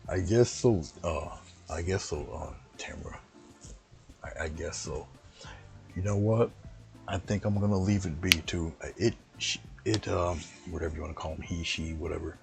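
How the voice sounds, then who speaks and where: Low gravelly man rambling through a painting demo. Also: fairly even intonation, moderate pace, music in the background. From US East Coast. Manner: rambling, chatty, talks to himself while working. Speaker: painting instructor.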